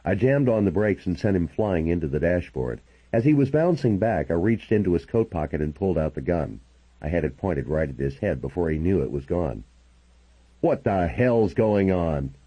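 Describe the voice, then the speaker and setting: A man reading a first-person novel aloud as an audiobook narrator, with a husky voice and a dramatic storytelling delivery. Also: low-pitched, expressive, a little fast, muffled recording.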